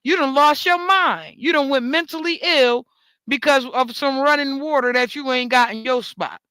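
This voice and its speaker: A woman rants straight into the mic in a high, bright voice. She swears freely and repeats words for emphasis, and the dry recording has no room sound. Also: normal speed, dry recording. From New York. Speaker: talk show host. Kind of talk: ranting monologue.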